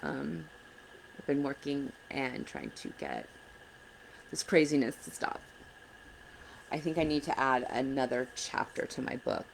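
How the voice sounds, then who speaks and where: A woman with a low voice and a gravelly edge talks straight to the camera in a casual vlog. Her advice to other parents is blunt and earnest, with frustration underneath. A faint hiss sits behind her. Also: very animated, measured pace, long pauses, low-quality recording. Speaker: parent advocate vlogger.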